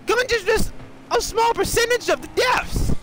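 Excitable louisiana guy, swears a lot, super high voice, noisy background. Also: a little slow. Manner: excitable, swears a lot, gets loud when arguing. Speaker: streamer. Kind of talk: casual livestream chat.

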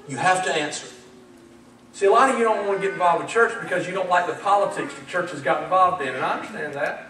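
A man preaching a lively sermon, acting out dialogue and getting fired up as he speaks. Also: high voice, quick pace. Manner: animated, acts out dialogue, gets fired up. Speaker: pastor. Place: church sanctuary. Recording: echoey church sanctuary, mic at a distance.

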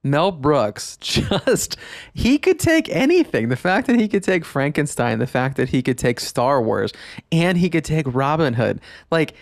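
A man's voice: a little high, expressive, a little slow, creaky, dry recording, studio quality. A man, hosting a nostalgic podcast monologue, enthusiastic and emphatic, laughing often as he talks. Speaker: podcast host.

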